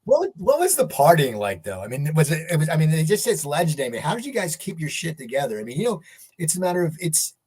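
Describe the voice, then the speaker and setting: A man's voice: a little high, wildly swooping pitch, quick pace, a little mellow, slightly rough. A man hosting a casual interview, asking rambling questions with many restarts. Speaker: podcast host.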